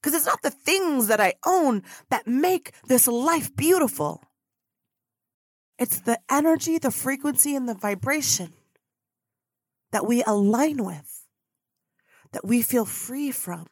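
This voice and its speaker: Fired-up woman podcast host preaching and chanting affirmations, kinda high voice, dry close mic. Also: no echo. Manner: effusive and preachy, chanting affirmations with sudden whoops. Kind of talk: motivational spiritual podcast talk.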